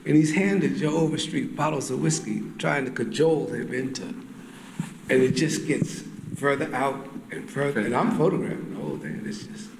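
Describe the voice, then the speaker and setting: A man's voice: medium pitch, normal speed, gravelly, a little hiss or hum. A man on a panel telling an anecdote casually, laughing and using slang. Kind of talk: anecdotal storytelling. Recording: roomy room with faint ambience.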